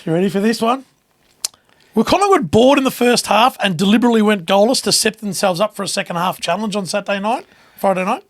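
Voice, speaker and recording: A hoarse man leading a casual sports podcast, his voice sitting high. He keeps things moving with short, quick questions and segment intros. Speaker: podcast host.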